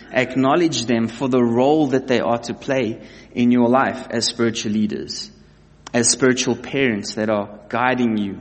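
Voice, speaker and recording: Male preacher, mid-pitched, earnest emphatic sermon delivery with repetition, recorded with long hall reverb. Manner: earnest, emphatic, repeats key phrases.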